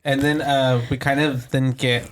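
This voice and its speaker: A podcast co-host in casual chat, relaxed and filling gaps with lots of um and yeah. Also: medium pitch, measured pace, slight background noise. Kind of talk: casual chat reviewing a film.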